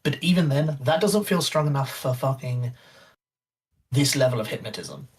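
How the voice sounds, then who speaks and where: A man co-hosting a podcast, explaining things in an offhand, breathy way. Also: medium pitch, lively intonation, normal speed, distant mic. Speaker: podcast co-host. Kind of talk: casual chat.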